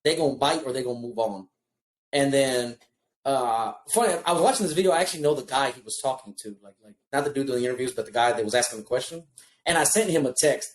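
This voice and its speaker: A man telling a story in casual podcast chat, profane and animated. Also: mid-range voice, fast talker. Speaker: podcast co-host.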